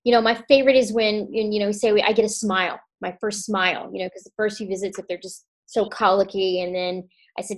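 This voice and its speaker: A woman's voice: medium pitch, fairly even intonation, fast talker. A woman, a chiropractor guest on a podcast, talking casually with lots of fillers and restarts. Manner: warm, chatty, many restarts and fillers.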